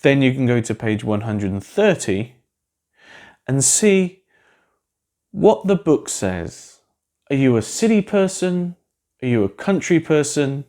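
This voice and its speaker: A man's voice: mid-range voice, sing-song, slow, pauses often, a little mellow. A man giving a recorded English lesson to a class, explaining vocabulary in a chatty way with asides and questions to his students. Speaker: English teacher. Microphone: solo recording for a class video.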